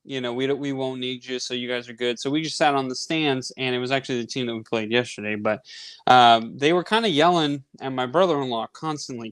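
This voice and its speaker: Male podcast host, thirties, mid-pitched and clear-toned, telling a loose, filler-heavy story. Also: fairly quick, dry recording. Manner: rambling, animated anecdote with many fillers. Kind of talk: casual storytelling.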